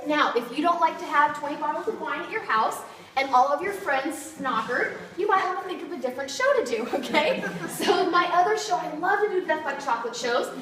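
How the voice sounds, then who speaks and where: A kitchenware party consultant gives a bubbly, laughing sales demo to a group in a meeting room, asking her audience questions. Her high voice moves briskly with lively intonation over crowd noise. The recording is noisy and echoey, captured from far off.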